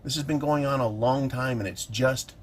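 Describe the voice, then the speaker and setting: A man's voice: mid-range voice, normal speed, slight background noise. A middle-aged man ranting in an indignant, sarcastic vlog monologue about politics. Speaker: political commentator.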